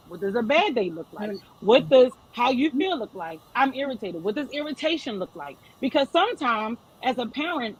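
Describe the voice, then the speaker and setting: A woman's voice: sits high, slightly rough, low-quality recording. A woman in her thirties speaking as a panel guest, giving earnest, emphatic advice to parents. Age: 30s. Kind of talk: panel discussion.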